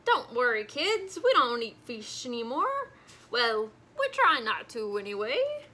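A woman's voice: a little high, very animated, measured pace, sharp tone, exaggerated voice. Woman playing a sheepish reformed shark. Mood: reassuring. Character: reformed friendly male shark.

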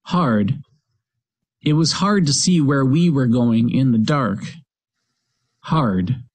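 A man's voice: mid-range voice, animated, takes it slowly, breathy edge, no echo. A man reading spelling words in a scripted dictation, saying each word, a sentence with it, then the word again. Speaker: recorded dictation voice.

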